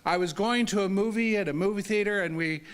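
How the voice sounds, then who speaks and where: A man, a disability advocate, telling personal stories in an earnest talk, with halting restarts and an emphatic delivery. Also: clear, resonant tone. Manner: earnest, halting restarts, pitch rising sharply when emphatic. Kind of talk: storytelling talk to an audience.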